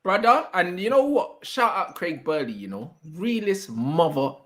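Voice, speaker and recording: A man hosting a casual football chat, excitable and full of slangy banter. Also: high voice, moderate pace. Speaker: host.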